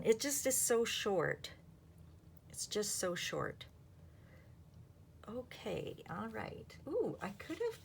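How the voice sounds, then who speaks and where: Slow gravelly woman chatting while crafting. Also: mid-range voice, slight background noise. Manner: chatty, rambling, thinks aloud. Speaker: craft channel host. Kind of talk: casual chat while crafting.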